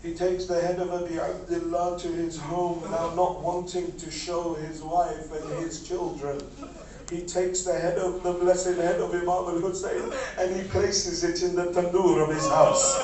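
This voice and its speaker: High-voiced man reciting a lament in an echoing hall. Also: flat delivery, a little slow, background noise. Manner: recites in short repeated lines that build into shouted lament. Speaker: majlis reciter. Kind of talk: mourning sermon recitation. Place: large hall at a mourning gathering. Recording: echoey hall from far off with music.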